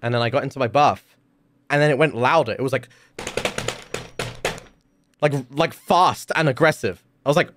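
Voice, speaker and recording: A man's voice: mid-range voice, moderate pace, pauses often, noisy background. A man streaming from home, telling a story in a casual, rambling way with lots of filler words and swearing.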